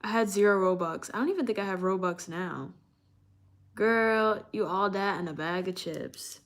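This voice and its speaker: A woman's voice: mid-range voice, moderate pace. A young woman from New York chatting casually on a live stream, reading out chat and laughing often.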